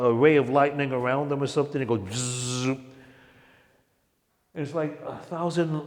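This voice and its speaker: A man from Harlem, New York, telling his personal testimony as a lively storyteller who acts out the people he quotes and chuckles along. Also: fairly high pitch, in a large hall. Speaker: testimony speaker.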